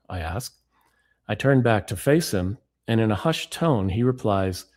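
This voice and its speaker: A man giving a lecture as author and speaker, reading book excerpts in a measured, deliberate way. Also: on the low side, darkish tone.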